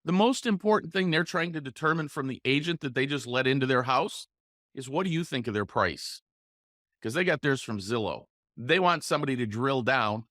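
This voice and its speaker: A man hosting a solo coaching podcast, explaining sales calls and acting them out with deliberate pauses and shifts in inflection. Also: mid-range voice, fairly bright tone, no room sound, clean studio sound. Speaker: podcast host, real estate coach.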